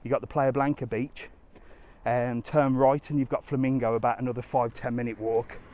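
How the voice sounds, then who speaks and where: A man with a medium-pitched, darkish voice and flat delivery talks at a moderate pace. He's a travel vlogger on a casual live stream, strolling along a sunny resort street and answering questions from live chat.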